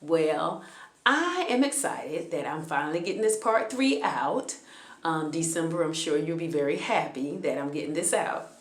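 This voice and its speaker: A woman's voice: low voice, animated, moderate pace, echoey room. A woman vlogger telling a personal story in a casual, conversational way, with frequent hesitations and restarts.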